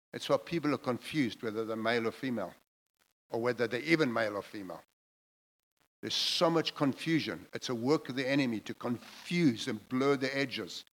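A man's voice: mid-range voice, fairly bright tone, rough recording. A man preaching a sermon, emphatic and repetitive, building his phrases in intensity as he goes.

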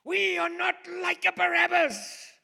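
A man preacher putting on a tiny old woman in her sixties with an Italian accent, shouting in outrage. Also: very high-pitched, fairly even intonation, slow pace, vocal fry, voice pushed up, heavily acted. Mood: outraged shouting.

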